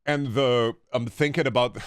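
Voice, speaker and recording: A man's voice: mid-range voice, steady tone, normal speed, no echo, studio quality. A man streaming himself playing a game, giving casual, crude and joking commentary that rambles from thought to thought.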